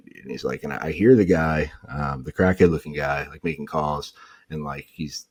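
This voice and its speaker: A man's voice: very deep voice, fairly quick. A young man from New England, a podcast guest, telling stories in a casual way and acting out what others said. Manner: animated, acts out quotes of others. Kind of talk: casual storytelling.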